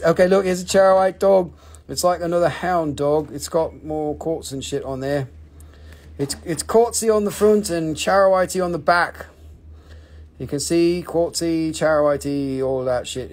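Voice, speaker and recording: A man selling on a live stream, rambling and joking with plenty of swearing. His voice sits a little high and carries a gravelly fry. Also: a little mellow. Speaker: seller on a live shop stream. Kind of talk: casual live sales chat.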